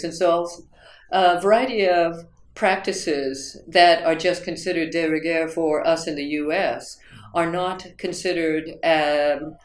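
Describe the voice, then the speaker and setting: A woman's voice: deep voice, fairly even intonation, slow pace. A woman from the United States, interviewed about her teaching, rambling along with fillers and restarts. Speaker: interviewee, writing instructor. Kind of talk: reflective interview storytelling. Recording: roomy echo.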